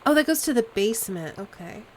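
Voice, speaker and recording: A woman's voice: fairly high pitch, animated, a little fast, a little hiss or hum, rough recording. Woman musing through a game stream. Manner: musing aloud, puzzling over clues. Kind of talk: live game commentary.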